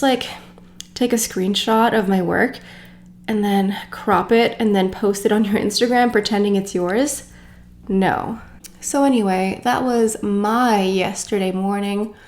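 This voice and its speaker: A woman beauty vlogger chatting casually to camera, venting in an exasperated way with lots of fillers. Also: medium pitch.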